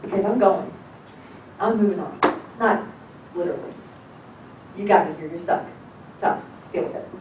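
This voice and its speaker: A woman preaches an informal sermon to her congregation. She reads scripture slowly, then turns blunt and casual. She is far from the mic in a very echoey room with clear noise behind her. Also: mid-range voice, dull audio. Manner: emphatic and blunt, shifting between slow scripture reading and quick casual talk. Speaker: rebbetzin teaching a congregation.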